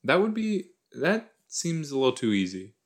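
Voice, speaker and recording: A man with a fairly high voice and big pitch swings hosts a podcast at a moderate pace. His rewatch commentary is casual, rambling and jokey, thought out loud into a corded desk microphone.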